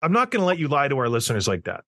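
A man's voice: medium pitch, huge pitch swings, racing, a bit bright, no echo, clean studio sound. A man hosting a podcast, ranting bluntly and emphatically and teasing his co-host. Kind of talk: casual opinionated rant.

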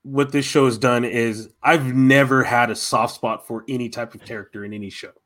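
A man's voice: mid-range voice, fairly even intonation, moderate pace, a bit bright. A man co-hosting a casual fan chat, talking enthusiastically and rambling with many restarts.

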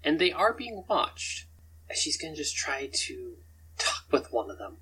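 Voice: mid-range voice, big pitch swings, a little slow, sharp tone, slight background noise, poor audio. A game master narrating a tabletop game in a rambling way, often chuckling between descriptions.

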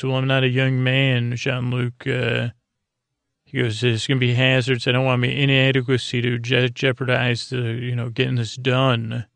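A man's voice: mid-range voice, creaky, a bit bright, no echo. A man casually retelling an episode in a loose, rambling way, full of fillers and quoted lines. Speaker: podcast host. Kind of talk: casual sleepy recap.

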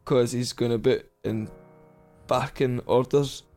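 A man's voice: medium pitch, fairly even intonation, measured pace, a little mellow, faint music behind. A man with a Scottish accent, a podcast co-host telling a rambling, laugh-filled story in casual chat. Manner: rambling, laughs through his own anecdotes.

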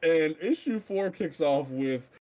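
A man co-hosting a casual comic book podcast, animated and swearing freely as he recaps scenes. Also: slow, muffled recording. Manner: animated, swears freely, acts out quotes in a low voice. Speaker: podcast co-host.

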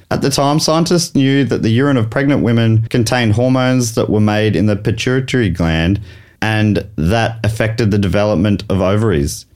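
A man's voice: medium pitch, a little mellow. A man with an Australian accent hosting a comedy game show podcast, reading trivia with mock drama and laughing easily.

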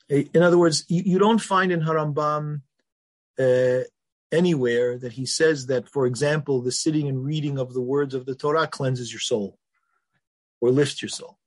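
A middle-aged man, a rabbi, teaching a class on religious texts. He reads Hebrew passages quickly, then explains them in English, firing questions at his students and answering them himself. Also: on the high side.

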